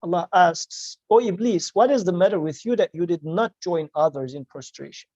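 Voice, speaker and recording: A man teaching a study session, quoting verses and translating them in a measured way. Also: high voice, warm tone, dry recording, lo-fi sound. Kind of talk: explaining scripture to a student.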